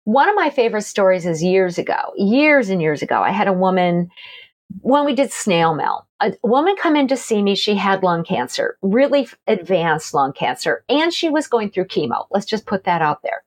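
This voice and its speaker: A middle-aged woman, a guest author and energy healer, telling stories in a casual, animated conversation with frequent laughter. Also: medium pitch, normal speed. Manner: animated, laughing, acts out quoted voices.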